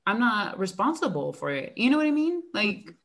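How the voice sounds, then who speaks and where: A woman's voice: medium pitch, sing-song, moderate pace, a bit bright. A woman who teaches elementary school, chatting casually and animatedly, acting out exchanges with her students and using lots of fillers. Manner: frequent fillers like "like". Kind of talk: casual chat.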